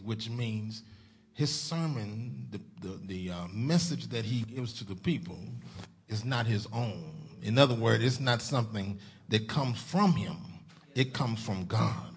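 A man preaching a folksy sermon in a church as a guest preacher, starting soft and building to loud exhortation. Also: lowish voice, slightly rough.

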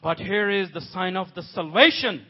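A man preaching a sermon with passion, swinging from soft, quiet passages to loud, pleading cries. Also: high-pitched, normal speed. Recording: dull lo-fi audio.

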